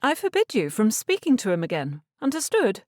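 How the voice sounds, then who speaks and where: A woman's voice: on the high side, huge pitch swings, brisk, darkish tone, no room sound, studio quality, voice pushed up. A woman narrator voicing a stern, controlling middle-aged mother in an audiobook, speaking in an imperious, clipped manner. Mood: commanding.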